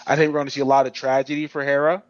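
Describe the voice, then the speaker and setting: A man co-hosting a podcast in casual discussion, animated and rambling with many restarts. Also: mid-range voice, racing, dry recording, muffled recording. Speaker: podcast co-host.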